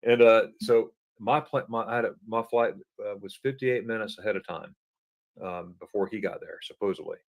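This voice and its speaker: A man telling a travel story as a podcast guest, animated and stumbling over repeated words while he acts out the dialogue. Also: on the low side, moderate pace, gravelly. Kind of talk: casual anecdote telling.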